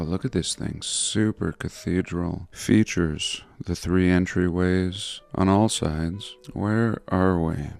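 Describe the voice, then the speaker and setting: A man narrating over old photographs in a casual, musing way, with excited asides. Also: deep voice, creaky, clean tone, dry recording.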